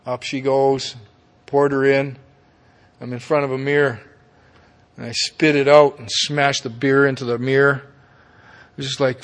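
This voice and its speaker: A middle-aged man speaks at a recovery meeting, giving a candid, profane account of his own recovery with folksy tag questions. His mid-range voice barely moves in pitch, his speed is normal, and he leaves long pauses. The long reverb of the meeting hall carries his words.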